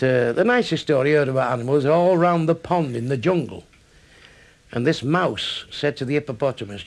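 A man with a Mancunian accent telling crude stand-up jokes in rapid-fire bursts, landing punchlines deadpan. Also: mid-range voice, gravelly. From England. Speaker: stand-up comedian.

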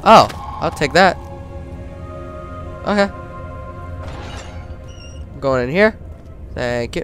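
A young man yelps and panics through a horror game, reading text aloud between outbursts. His voice runs a little high, with faint game music behind. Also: expressive, takes it slowly, pauses often, fairly bright tone. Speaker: gamer. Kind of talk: horror let's play commentary.

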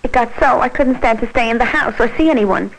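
A woman's voice: a little high, fast talker, close to an everyday voice, rough recording. An actress voicing a scared pregnant teenage girl, narrating her story in earnest, plain first-person narration for an old educational film.

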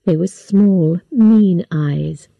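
A woman reading a story aloud slowly and clearly for English learners. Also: lowish voice, dry recording, phone-quality sound. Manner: slow, clear, even storytelling. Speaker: story reader. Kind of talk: slow scripted narration for English learners.

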